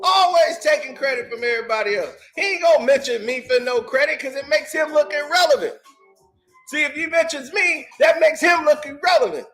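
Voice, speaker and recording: A man hosting a commentary channel, ranting angrily and shouting as he repeats his points. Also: very high voice, a little fast, soft background music. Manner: angry, shouting, repetitive. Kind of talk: heated commentary rant.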